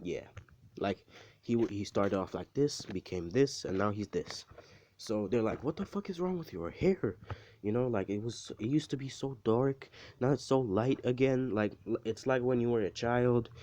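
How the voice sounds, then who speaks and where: A man's voice: mid-range voice, normal speed, dark tone. A man telling a story casually, rambling and swearing, with lots of fillers and restarts. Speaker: video creator.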